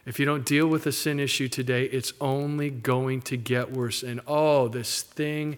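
Middle-aged male pastor, lively sermon delivery with mocking asides, mid-pitched voice. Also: unhurried, few pauses. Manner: animated preaching, mimics characters in asides.

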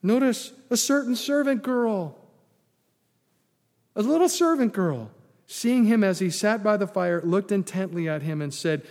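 A man preaching a sermon as a pastor, telling the story with lively, sarcastic asides. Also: high-pitched, unhurried, long reverb tail.

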